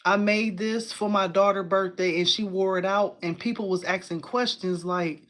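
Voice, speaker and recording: A woman hosting a casual crafting live stream from home. She talks in an excitable, chatty way, says "y'all" a lot, and answers viewers' comments aloud. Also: mid-range voice, normal speed. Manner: uses y'all and informal phrasing.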